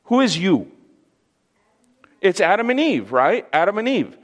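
A man preaching a sermon, teaching slowly and emphatically and asking the audience questions. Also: sits high, very animated, big-room sound.

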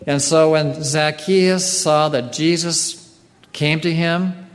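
Guy preaching real slow, keeps clearing his throat, big reverby hall. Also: a little high, fairly even intonation. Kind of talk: sermon.

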